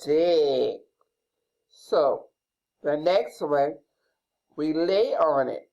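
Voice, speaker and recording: A woman's voice: deep voice, expressive, very slow, mellow, highs cut off. A woman teacher, leading a phonics lesson for young children and spelling out each word one letter at a time.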